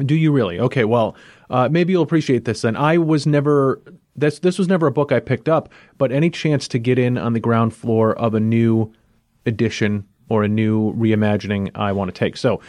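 Brisk male co-host, dry mic, casual comic talk. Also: mid-range voice, darkish tone, no echo. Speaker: comic book podcast co-host. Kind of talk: casual comic review chat.

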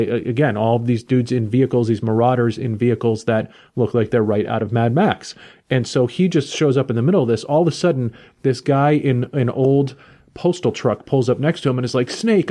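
Male podcast host, mid-range voice, enthusiastic, animated storyteller, casual chat. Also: medium pitch.

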